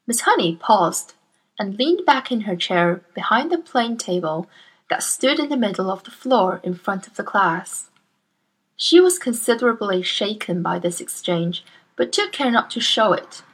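A woman reading a children's novel aloud in a slow, careful storytelling manner. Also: mid-range voice, lively intonation, husky. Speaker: storybook reader.

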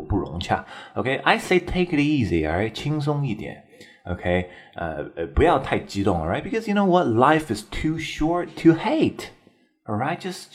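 A man with a slightly rough voice on the low side explains English in a relaxed, chatty lesson. He constantly checks in with the listener, repeatedly tagging "right?" and laughing.

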